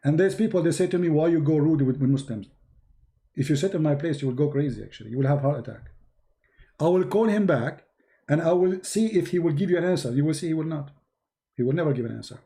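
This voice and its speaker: Insistent high-voiced man losing his voice. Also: expressive, fast talker, vocal fry, dark tone. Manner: insistent, repeats himself. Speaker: debate show host. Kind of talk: heated live-stream debate. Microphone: computer mic on live stream.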